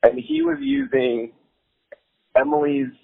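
Male storyteller, casual and animated, swears easily; very expressive pitch, phone-thin sound. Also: slow, creaky, slightly rough, dry recording. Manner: animated, laughs while telling, swears freely. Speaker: musician telling a story. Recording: tinny phone-like sound with faint music.

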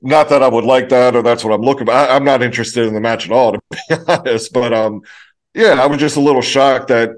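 Hesitant, laid-back man chatting. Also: mid-range voice. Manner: halting, hesitant, full of restarts and laughs. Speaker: podcast co-host. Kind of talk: casual podcast chat.

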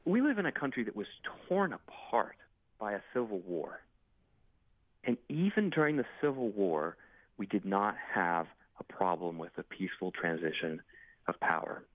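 A man's voice: lowish voice, animated, moderate pace, dry recording. A congressman and military veteran speaking urgently and emphatically as a guest in a news interview. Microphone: phone. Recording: dry tinny phone line.

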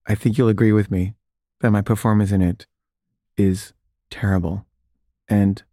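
A man's voice: lowish voice, little pitch movement, moderate pace, mellow, no echo, clean studio sound. A man who makes films casually tells a self-deprecating anecdote and livens up when he quotes other people. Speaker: filmmaker telling an anecdote. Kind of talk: casual storytelling.

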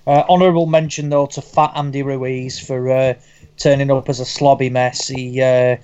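A man's voice: mid-range voice, level tone, moderate pace, darkish tone, clean tone, muffled recording. A man on a boxing podcast panel, talking hesitantly with lots of ums and uhs. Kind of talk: casual boxing chat.

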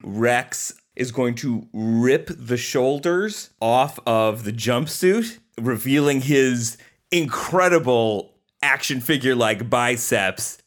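A man's voice: mid-range voice, lively intonation, slow pace. A man playing a tabletop game in an easygoing way, with music behind him. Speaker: player. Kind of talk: casual tabletop play.

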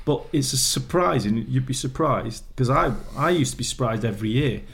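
A man, a former footballer, chatting casually and telling animated stories, often laughing as he acts out what people said. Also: medium pitch, a little fast, creaky. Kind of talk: casual chat.

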